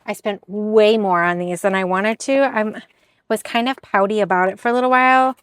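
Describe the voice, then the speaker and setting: A woman's voice: medium pitch, fairly even intonation, normal speed, no echo. A woman chatting casually in a haul video, bubbly and self-deprecating as she shows her thrift finds. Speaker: reseller vlogger.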